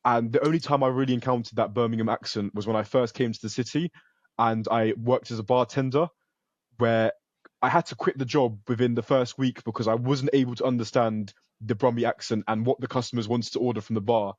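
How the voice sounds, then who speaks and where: Young man, from the UK, earnest, self-assured, average pitch, dry muffled sound. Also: steady tone, a little fast, dry recording. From United Kingdom. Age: young adult. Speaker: interview guest, computer science student. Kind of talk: casual interview over a call.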